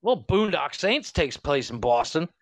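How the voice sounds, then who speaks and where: Lively, laughing podcast man. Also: fairly high pitch, measured pace, no room sound. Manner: joking, laughs often, swears freely. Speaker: podcast co-host. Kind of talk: casual banter.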